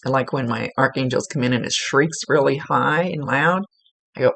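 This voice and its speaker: A woman's voice: a bass voice, normal speed, creaky, fairly bright tone, dry recording. A woman working as a psychic medium, giving a casual, rambling reading and often correcting herself mid-sentence. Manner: chatty, rambling, self-correcting.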